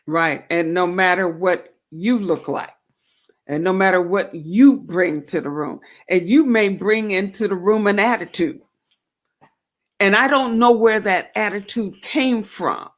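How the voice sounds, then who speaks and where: A woman's voice: medium pitch, a little slow. A woman hosting a faith-based talk show, reflecting aloud and asking herself questions. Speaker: show host.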